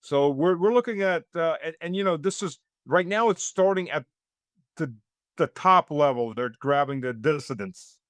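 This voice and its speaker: A man with a fairly high speaking voice gives political commentary as a guest in an interview. He rambles through long runs with plenty of fillers and false starts, and his tone turns sarcastic. The sound is dry and close, with no room echo. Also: expressive, moderate pace, a bit bright. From United States.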